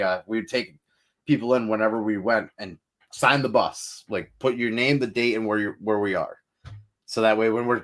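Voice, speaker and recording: Rambling young man telling road stories. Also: medium pitch. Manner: rambling storyteller, swears, animated outbursts. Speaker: metal band vocalist, guest. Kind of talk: casual podcast chat.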